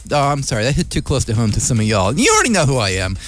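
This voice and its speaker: A man's voice: mid-range voice, wildly swooping pitch, rapid-fire, hardly any pauses, a bit bright, faint music behind. A man hosting community radio in a casual, rambling, joking monologue, from the North Bay of California. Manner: rambling, joking, mocking voices of others.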